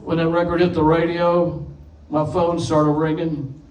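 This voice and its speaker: A man's voice: fairly high pitch, level tone, unhurried, darkish tone, muffled recording. A man in his eighties, a session musician guest, telling stories in a folksy, plain-spoken way on a panel stage. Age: 80s. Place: event stage before an audience. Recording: distant echoey hall mic with faint noise.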